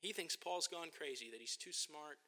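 Bright-voiced preacher in a reverberant hall. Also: male voice, a little high, moderate pace. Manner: earnest, emphatic, asks rhetorical questions. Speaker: pastor. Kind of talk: sermon. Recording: long reverb of a large hall.

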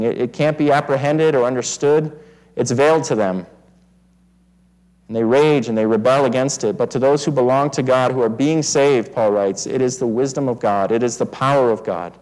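A pastor preaches an expository sermon in a medium-pitched, slightly mellow voice, captured on a rough recording. He's earnest, often repeating words as he restarts phrases.

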